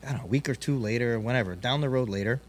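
A man hosting a podcast, telling a long story in a rambling, animated way with many restarts. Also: mid-range voice, very fast. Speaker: podcast host. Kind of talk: casual storytelling chat.

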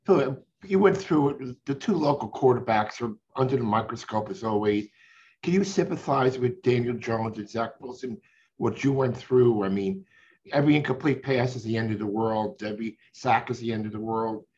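A man's voice: mid-range voice, moderate pace, a little mellow. A man hosting a sports interview and asking chatty, fan-like questions about old games. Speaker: sports radio host. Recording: slightly dull, muffled audio.

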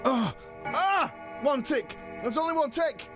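A man playing a dim, boastful male wrestling champion in a comedy podcast sketch, blunt and excitable. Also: on the high side, normal speed, music in the background. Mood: panicked.

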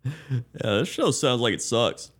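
A man's voice: medium pitch, animated, measured pace, fairly bright tone, slightly rough. A man co-hosting a casual podcast, giving laid-back, dry reactions. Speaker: podcast co-host.

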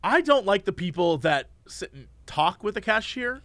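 A man's voice: high voice, normal speed, no echo. A man co-hosting a casual chat, ranting expressively and acting out impressions. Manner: expressive, exaggerated rants with impressions.

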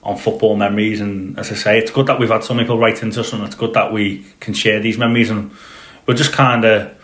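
A man co-hosting a casual football podcast. His voice sits fairly low, and he rambles along with plenty of "um"s and false starts. The recording has a roomy echo around it. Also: level tone, brisk, a bit bright. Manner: rambling, with many fillers and restarts. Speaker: podcast co-host. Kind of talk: casual chat.

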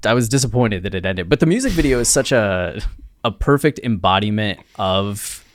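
A man's voice: on the low side, animated, moderate pace, slight background noise. A man co-hosting a podcast, telling a story in a playful, rambling way. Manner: playful, rambling, laughs often. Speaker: podcast co-host. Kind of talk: casual chat, storytelling.

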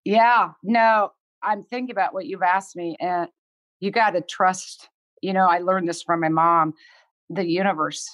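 A woman's voice: lowish voice, fairly even intonation, a little slow, a bit bright, dry recording. Earnest outspoken woman in her sixties. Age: 60s. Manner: earnest, heartfelt, swears freely. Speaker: guest. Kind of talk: candid podcast conversation.

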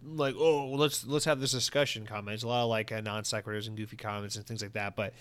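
A man's voice: fairly low pitch, fast, clean tone. Young guy podcaster reading comments, swears a lot, rambles, gets worked up. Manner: rambling, profane, animated rants. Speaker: podcast host. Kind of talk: casual podcast monologue reading listener comments.

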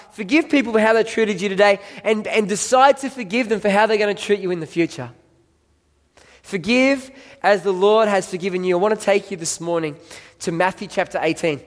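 A pastor with a high, fairly quick voice preaches a sermon in a church hall, telling the story emphatically and calling volunteers up from the audience. The long reverb of the large hall is audible.

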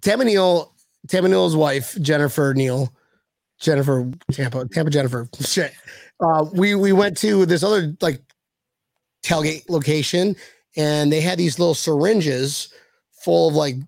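A man's voice: a little high, unhurried, creaky, a little mellow, dry recording. An American man hosting a podcast, telling rowdy stories in casual chat with swearing and laughter. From United States. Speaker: podcast host.

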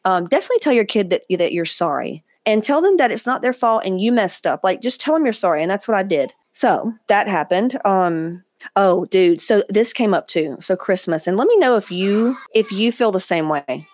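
A woman hosts her podcast, talking straight into a close mic with no room sound. She tells personal stories candidly and swears often. Her delivery is animated and conversational. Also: mid-range voice, normal speed, dry recording. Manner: candid, profane, animated, quoting others in asides. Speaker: podcast host. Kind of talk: casual storytelling monologue.

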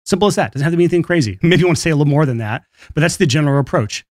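Male solo podcast host, rapid and casual, slightly high voice, dry sound. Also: animated, no room sound. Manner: brisk, casual, laughs between points. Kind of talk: solo podcast monologue on marketing.

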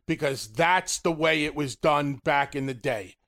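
A man, co-host and former wrestler, telling a story in casual podcast chat, animated and swearing freely. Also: on the high side, unhurried, hardly any pauses.

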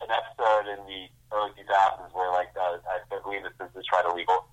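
A deep-voiced man joins a music podcast as a guest critic. His speech is halting and casual, full of "like." His pitch sits low and heavy throughout. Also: flat delivery, low-quality recording. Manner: halting, peppered with "like".

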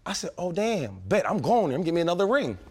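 Here a man in his thirties spins a story in loose, slangy chat, rattling along very quickly and doubling back mid-sentence. His voice sits a little high for a man. He sounds like a former pro athlete holding court among friends. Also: sing-song, darkish tone, breathy edge. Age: 30s. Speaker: former pro football player telling stories. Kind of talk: casual podcast chat.

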